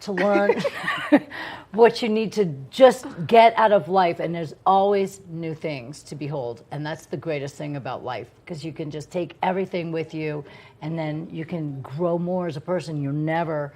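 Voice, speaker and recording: Effusive woman, lowish voice, chatting on air. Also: normal speed, darkish tone. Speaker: morning show co-host. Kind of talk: casual TV chat.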